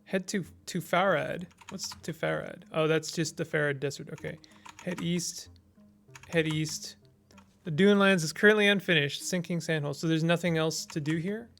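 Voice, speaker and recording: A man's voice: on the high side, steady tone, moderate pace, creaky, fairly bright tone, soft background music. A man casually commenting as he plays a text-based strategy game, reading its text aloud and thinking through his moves with small hesitations.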